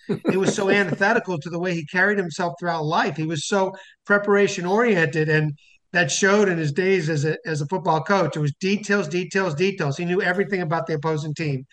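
A man's voice: a little high, a bit bright. A man being interviewed as an author, telling a long anecdote with many restarts and fillers. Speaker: author guest. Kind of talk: phone-in interview storytelling.

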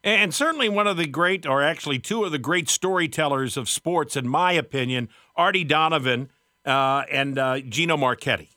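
A man's voice: on the high side, normal speed, sharp tone, dry recording, clean studio sound. A male host asking long, leading questions with filler words. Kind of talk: interview questions.

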